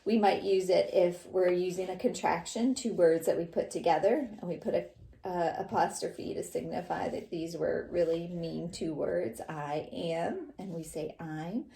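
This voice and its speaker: A woman teacher giving a lesson to young children, speaking slowly and clearly. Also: lowish voice, steady tone, warm tone, roomy sound. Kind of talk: classroom lesson.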